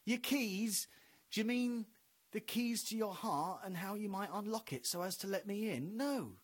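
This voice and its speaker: A man's voice: sits high, moderate pace, voice pushed up. A man putting on the voice of an exasperated, sarcastic God, talking in a weary tone.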